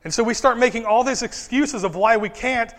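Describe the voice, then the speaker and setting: High-voiced preacher in a reverberant hall. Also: male voice. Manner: animated preaching, voices Bible figures in quick asides. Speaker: pastor. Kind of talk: sermon.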